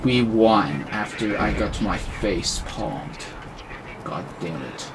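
Young male gamer, trash-talking live commentary, lively swings, slow drawl, noisy background. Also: on the low side. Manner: trash-talking, excitable, mocking. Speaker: gaming commentator.

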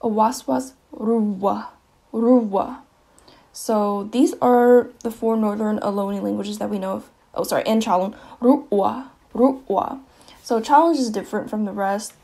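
A woman giving a casual slideshow lesson, saying each example word twice, with fillers and quick self-corrections. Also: mid-range voice, mellow. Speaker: presenter explaining languages.

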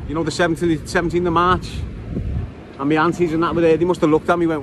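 A man with a strong Liverpool accent and a high voice chats away to his viewers while riding through a city centre, swearing freely. Loud street noise and traffic sit right under his voice. He talks in a loose, running vlog style. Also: level tone, quick pace. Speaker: vlogger giving a city tour. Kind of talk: casual walking-tour vlog.

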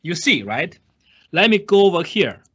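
A man's voice: sits high, very animated, normal speed, sharp tone, husky. A man giving a recorded course lecture, repeating key points with emphasis and asking the class questions he then answers himself. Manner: repetitive, emphatic, asks and answers his own questions. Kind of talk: recorded screen-share lecture. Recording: dull lo-fi lecture capture.

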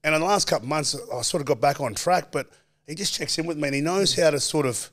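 An Australian man in his forties, a former footballer, telling animated stories as a podcast guest and acting out quoted voices. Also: fairly high pitch, quick pace. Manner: animated storyteller, acts out quoted voices, laughs often. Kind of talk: casual storytelling chat.

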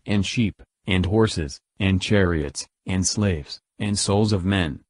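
Male scripture reader, low voice, measured delivery, dry close recording. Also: dry recording. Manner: slow, measured recitation. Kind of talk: scripted Bible reading.

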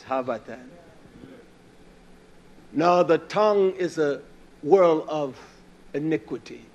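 A man preaching a sermon in a blunt, scolding way, dropping to a hush and then rising loud and emphatic. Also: on the high side, measured pace, pauses often.

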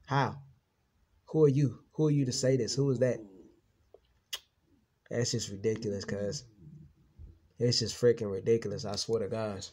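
A man talks straight to his viewers in a loose, rambling rant, swearing freely and circling back over the same points. His voice sits low and dark. As he goes on he turns heated and emphatic. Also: fairly even intonation, moderate pace, long pauses. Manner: rambling, profane, repeats himself. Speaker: vlogger. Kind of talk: casual venting monologue.

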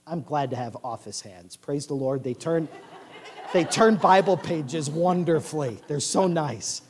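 Male pastor, animated high-voiced sermon delivery, booming church-hall echo. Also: measured pace, noisy background. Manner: animated, swings from quiet asides to loud declarations. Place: large church sanctuary.

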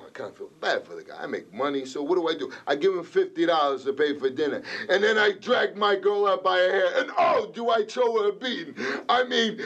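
A man's voice: sits high, a bit bright, dull audio, voice pushed up, exaggerated voice. An actor playing a crude, boastful Italian-American tough guy with a New York accent, delivering an audition monologue. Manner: swaggering, crude, rambling storyteller.

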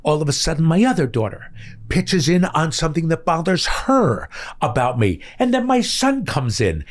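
A man in his sixties telling stories as a guest in casual chat, his voice climbing high when he gets excited. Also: moderate pace. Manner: animated storyteller, voice rises high when excited.

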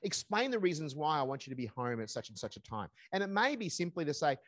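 A man's voice: on the high side, sing-song, fast, fairly bright tone, no echo. A man presenting a live parenting seminar, emphatic and repeating his key phrases.

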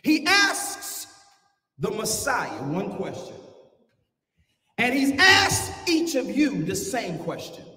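High-voiced preacher in an echoey hall. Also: male voice, slow, pauses often, faint music behind. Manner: animated preaching, swinging from quiet asides to shouted climaxes. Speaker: pastor. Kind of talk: sermon. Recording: echoey church hall, mic from far off.

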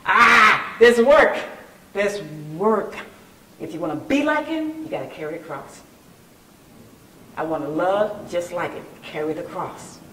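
A woman host giving a faith and health talk, preachy and coaching, with bursts of loud emphasis. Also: fairly low pitch, very animated, moderate pace, echoey room, distant mic, slight background noise, low-quality recording.

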